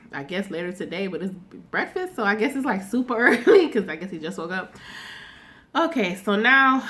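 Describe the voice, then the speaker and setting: A woman's voice: medium pitch, fairly bright tone. A woman recapping a TV episode in a loose, chatty way, with plenty of fillers, slang and swearing. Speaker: TV recap vlogger.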